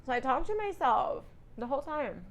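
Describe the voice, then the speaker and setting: A woman's voice: sits high, sing-song, normal speed, dull audio. Rambling woman, casual vlog chat. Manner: rambling, self-correcting, talks to herself. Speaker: truck driving student.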